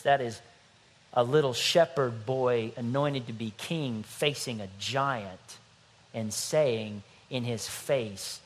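A middle-aged man preaching a sermon as pastor, animated and playful, acting out little scenes. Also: mid-range voice, slow pace.

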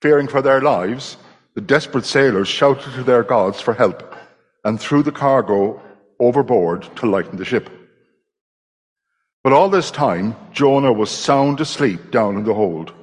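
Male scripture reader, husky voice, measured delivery, long church reverb. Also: mid-range voice, animated. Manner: measured dramatic reading. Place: church hall.

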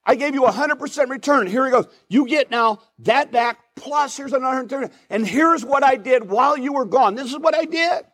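A bursting, excited servant , as a preacher acts him out who can hardly wait to present his work. His voice rides higher than the preacher's own and rushes with eagerness.

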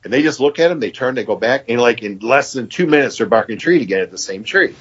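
A man's voice: medium pitch, expressive, fast, breathy edge, lo-fi sound. A man in his fifties from Michigan, a podcast guest telling a long story in a rambling, casual way and quoting what others said. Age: 50s. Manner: rambling, quotes others with "he goes".

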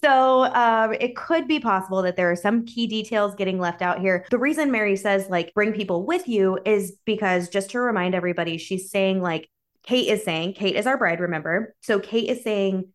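A woman's voice: medium pitch, moderate pace. A woman co-hosting a wedding advice podcast, candid and chatty in casual talk. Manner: candid, chatty, uses y'all. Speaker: podcast co-host.

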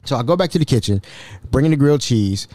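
Animated man telling stories. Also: mid-range voice, fast, dry recording. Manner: animated, repetitive, exasperated retelling. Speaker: podcast host. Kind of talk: casual storytelling.

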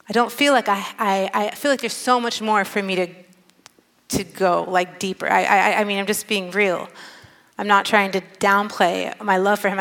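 A woman's voice: mid-range voice, fairly bright tone. Earnest woman preaching in a reverberant hall. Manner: earnest, conversational, emphatic. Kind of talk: sermon.

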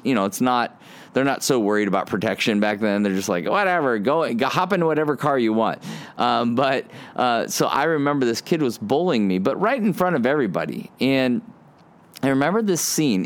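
Earnest podcast pastor, rising to animated emphasis. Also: male voice, mid-range voice. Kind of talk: podcast sermon.

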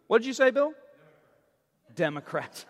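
A man's voice: very high-pitched, big pitch swings, measured pace, big-room sound. A man preaching a sermon as a pastor, quizzing and teasing his congregation with playful jokes.

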